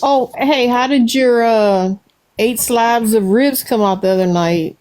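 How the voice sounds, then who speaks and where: A woman's voice: a little high, a little slow, darkish tone. A woman with a Cajun accent hosting a casual livestream chat, talking easily and putting questions to her viewers. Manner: chatty, asks viewers questions. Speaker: livestream host.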